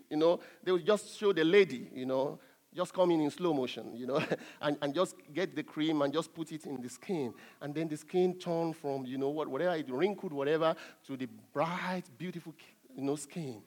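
A man with a high voice preaches with emphatic force. He swings between raised exhortation and soft, chuckling asides, in the steady cadence of a sermon.

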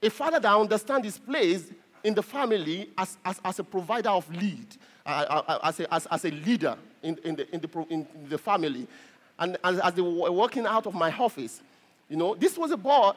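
A middle-aged man, a pastor, preaching a sermon in a halting way, repeating words and laughing often. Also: high-pitched, animated. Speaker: pastor and doctor.

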